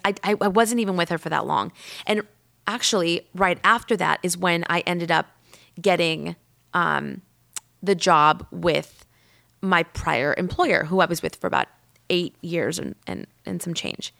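A woman's voice: lowish voice, normal speed, creaky. Woman hosting her podcast, just rambling thru a story, says like a lot, acts out what people said. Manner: chatty and rambling, heavy use of "like"; lively, acts out quoted people. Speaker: podcast host. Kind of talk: casual storytelling monologue.

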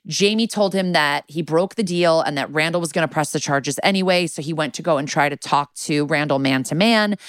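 A woman's voice: fairly low pitch, clean tone, no room sound, studio quality. Casual sweary woman recapping an episode. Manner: casual, sweary, many "like" fillers. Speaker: podcast co-host.

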